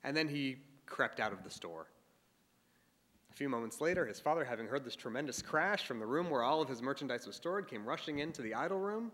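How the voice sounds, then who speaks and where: A man speaking at an interfaith symposium, telling a religious story in a dramatic, animated way. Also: a little high, long reverb tail. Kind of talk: storytelling speech.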